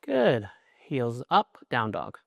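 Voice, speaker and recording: A man's voice: medium pitch, wildly swooping pitch, takes it slowly, gravelly, no room sound. A middle-aged man teaching a yoga class, cueing poses in short instructions with an encouraging, chatty manner.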